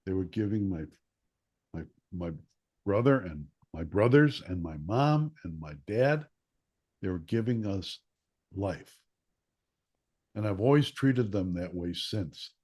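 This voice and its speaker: A man telling a childhood story in casual conversation, animated and acting out quotes, with occasional coughs. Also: sits low, slow, long pauses. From Chicago area. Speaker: guest, former newspaper columnist.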